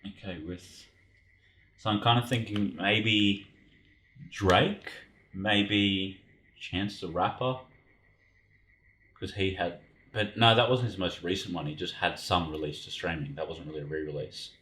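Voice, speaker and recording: A man's voice: low voice, steady tone, unhurried, long pauses, bright, forceful tone, echoey room. A man co-hosting a podcast, running a quiz in casual banter, swearing freely and laughing often. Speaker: podcast co-host.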